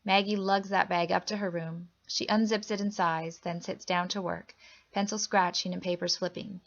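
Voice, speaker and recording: A woman reading a children's picture book aloud, telling it gently and expressively. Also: moderate pace, creaky, highs cut off. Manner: gentle, expressive storytelling that lifts pitch for characters' lines. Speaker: storybook reader.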